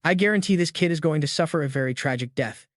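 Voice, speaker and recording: A man's voice: fairly high pitch, quick pace, no room sound, lightly acted. Menacing scheming crime boss read by a man, threatening, dry sound.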